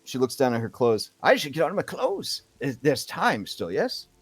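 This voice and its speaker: A man voicing a fussy, excitable elderly woman with a fluttery way of talking. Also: medium pitch, normal speed, breathy edge, no room sound. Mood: excited.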